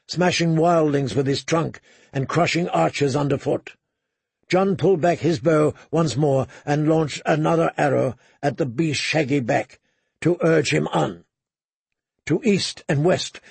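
This audiobook narrator is a man whose voice is gravelly, a little husky and slightly high for a man. He reads the dramatic story in a measured way, going low and hushed in tense moments, in a close recording with no room sound.

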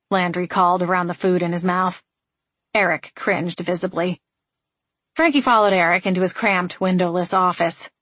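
A woman reading an audiobook in scripted narration, with an even, measured delivery. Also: fairly low pitch, no echo.

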